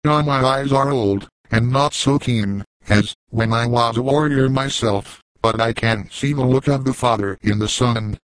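A man's voice: mid-range voice, unhurried, hardly any pauses, no room sound, close to an everyday voice, low-quality recording. A man voicing an old frontier trapper who speaks with eager, trembling emotion in a storybook reading. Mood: wistful.

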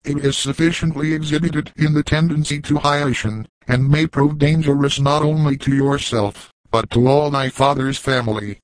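A man's voice: a little high, steady tone, moderate pace, hardly any pauses, no echo, close to an everyday voice, rough recording. A man reading the lines of a pompous, blustering naturalist doctor who talks in long, wordy speeches, in a dry, close sound.

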